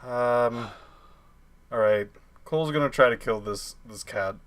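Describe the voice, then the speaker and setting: A man's voice: mid-range voice, a little slow. A man playing a tabletop game, playful and laughing often. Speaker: player. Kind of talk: casual tabletop game play.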